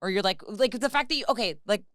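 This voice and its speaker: A woman's voice: medium pitch, expressive, fast talker, fairly bright tone, no room sound, clean studio sound. A woman hosting a casual podcast, talking in a rambling, giggly, frank way. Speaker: podcast host. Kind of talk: casual chat.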